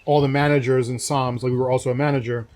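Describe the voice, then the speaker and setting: A young man, co-host of a show, casually telling a story and acting out the people in it with lively quotes. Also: medium pitch, fast talker. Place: winery.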